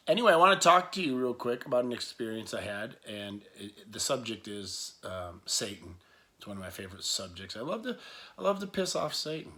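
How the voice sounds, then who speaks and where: A man's voice: lowish voice, big pitch swings, a little fast, sharp tone. A man telling a rambling personal story to camera, full of restarts, asides and laughs. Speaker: vlogger.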